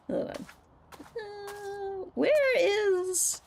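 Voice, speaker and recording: A woman's voice: mid-range voice, big pitch swings, slow, long pauses, a little hiss or hum. A woman streaming a game, chatting casually, teasing and laughing often. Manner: giggly, playful, teasing. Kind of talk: casual gameplay commentary.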